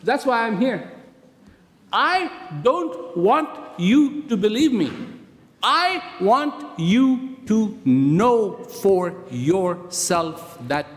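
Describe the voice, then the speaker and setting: A man giving a motivational talk to prison inmates, speaking slowly and deliberately and asking many rhetorical questions. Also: sits high, very animated. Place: prison hall. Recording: reverberant hall.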